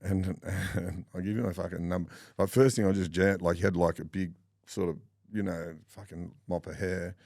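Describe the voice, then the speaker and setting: Aussie guest, middle-aged bloke, very low gravelly voice, dry close sound, swears a lot. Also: male voice, normal speed, no echo. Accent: Australian. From Australia. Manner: swears often, animated yarn-spinning with laughs. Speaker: podcast guest. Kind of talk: casual storytelling chat.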